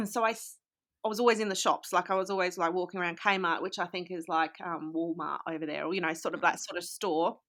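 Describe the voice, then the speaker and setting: An Australian woman from Australia, a guest author, talking in a relaxed, rambling way with many fillers. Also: fairly low pitch, brisk. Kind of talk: casual interview chat.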